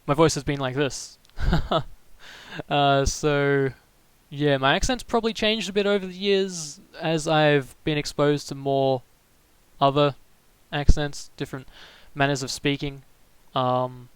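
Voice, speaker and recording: A young man from Melbourne with a slightly raised pitch and a smooth, clean voice, recorded dry and close. He rambles through casual stream chat, stopping and restarting his sentences as he answers viewers. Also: dry recording, rough recording. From Melbourne, Australia.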